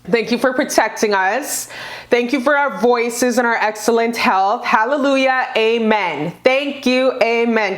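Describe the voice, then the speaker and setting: A woman giving a casual pick-a-card tarot reading, gushing and profane, with bursts of high excitement. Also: a little slow.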